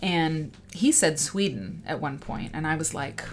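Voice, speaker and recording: Low-voiced rambling woman streamer. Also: moderate pace, few pauses, slight background noise. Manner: rambling, excitable, reads viewer comments aloud. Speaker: livestream host. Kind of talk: casual livestream chat.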